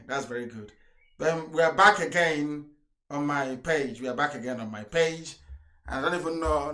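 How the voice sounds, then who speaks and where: A man's voice: fairly high pitch, sharp tone, far from the mic. A man giving an impassioned live broadcast address, talking emphatically, repeating phrases and chuckling to himself. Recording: roomy sound, voice off the mic.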